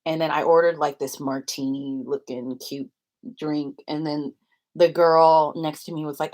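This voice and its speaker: A young woman vlogger spins a casual storytime, rambling through tangents and quick to giggle. Her voice sits a little low for a woman, relaxed and conversational.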